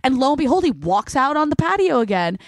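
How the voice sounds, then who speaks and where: A young woman co-hosting a podcast, telling a story in a casual, animated way with lots of fillers. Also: sits high, quick pace, no echo. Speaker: podcast co-host. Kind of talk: casual chat.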